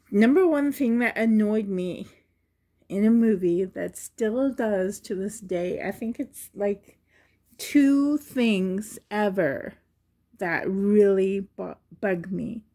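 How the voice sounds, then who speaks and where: Middle-aged woman, slow-paced, chatty and rambling, casual vlog. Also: medium pitch, warm tone. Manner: rambling, chatty, laughs often. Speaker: vlogger. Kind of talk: casual chat to camera.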